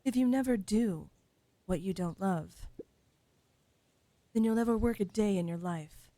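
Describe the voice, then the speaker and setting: A woman reading the lines of a grown-up game character who offers a child advice, in a slightly lowered, measured voice. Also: warm tone, no room sound, natural voice. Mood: advising.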